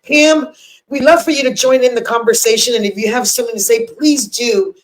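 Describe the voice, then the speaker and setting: A woman's voice: a little high, fairly quick, a crowd in the background. An older woman co-hosting a live podcast, effusive and emotional, greeting viewers by name. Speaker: podcast co-host. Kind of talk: casual live chat. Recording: echoey room.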